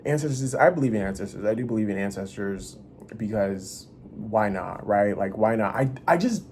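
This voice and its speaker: A man vlogs directly to the camera in a rambling, confessional monologue, cursing freely and restarting sentences as he interrupts himself. His intonation is lively and his pace moderate, though he's restless, veering between loud bursts and low mutters; a little hiss or hum is audible.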